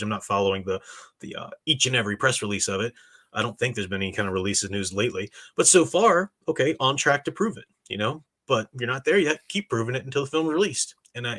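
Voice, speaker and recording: A man's voice: medium pitch, sharp tone. A man hosting a live stream, reading chat messages and giving blunt opinions in casual, emphatic commentary. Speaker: live-stream show host.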